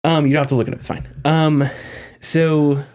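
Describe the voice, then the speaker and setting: A man talking casually on a gaming podcast, animated and rambling, often restarting his sentences. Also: fairly high pitch, racing, gravelly. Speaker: podcast host.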